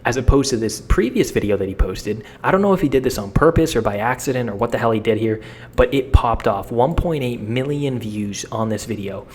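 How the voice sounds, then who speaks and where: A young man giving a casual, energetic how-to talk as a social media coach, blunt and slangy with frequent repeats. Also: medium pitch, a little fast, breathy edge.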